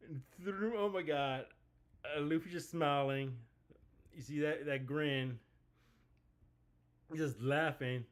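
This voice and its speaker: A man's voice: fairly high pitch, takes it slowly, long pauses. A man hosting a live reaction video, talking casually and rambling with lots of fillers. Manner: easygoing, rambling with many fillers.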